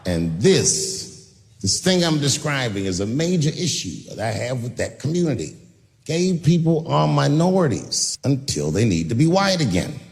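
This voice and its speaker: A man's voice: medium pitch, normal speed, gravelly. A man performing stand-up comedy on stage, telling profane stories and acting out the voices in them. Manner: profane, animated storytelling with acted-out voices. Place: stage in a large venue. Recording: long reverb of a big hall with faint ambience.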